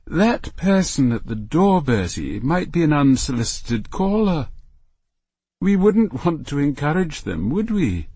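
A man voicing a bossy, pretentious mother who talks down to people with slow, prim drawn-out words. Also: fairly high pitch, big pitch swings, mellow, breathy edge, no echo, voice pushed up, exaggerated voice. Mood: patronising. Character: bossy pretentious mother, middle-aged woman.

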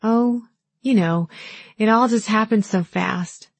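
A woman voicing a grieving, chatty older southern woman in an audiobook, speaking softly and shakily over the phone. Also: medium pitch, slow pace, gravelly, no room sound, pitched above the performer's own voice. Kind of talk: audiobook dialogue.

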